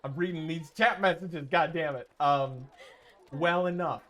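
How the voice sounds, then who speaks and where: A man's voice: on the high side, unhurried, noisy background. A male streamer in a loose, chatty mode. He rambles, trips over his own sentences and swears freely while telling a story. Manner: rambling, swears, many restarts. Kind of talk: casual stream chat.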